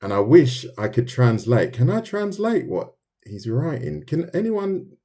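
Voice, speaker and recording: A man's voice: a little high, very animated, unhurried, warm tone. A man with a London accent, chatting casually on a live stream as he draws, reading and answering viewer comments, thinking aloud with loose restarts. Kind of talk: casual live-stream chat while drawing.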